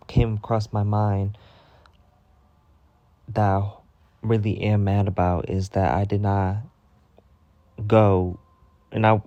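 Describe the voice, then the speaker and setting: In a dull-sounding recording with no echo, a man with a lowish voice vents heatedly through a storytime vlog. His ranting monologue is animated and loaded with swearing.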